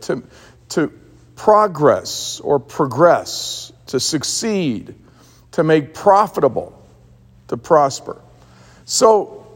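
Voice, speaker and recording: A man's voice: a little high, big-room sound. A man preaching a sermon as a pastor, telling stories with emphatic repeated words.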